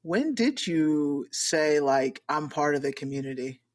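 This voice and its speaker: Podcast host, slow questions, hesitant, filler words, mid pitch. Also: expressive, a little mellow. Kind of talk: casual interview conversation.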